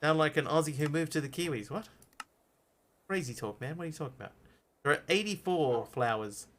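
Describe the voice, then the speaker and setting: A man's voice: a little high, expressive, a little fast, fairly bright tone, slight background noise. A man streaming a game live, chatting casually, thinking aloud and answering his viewers as he plays.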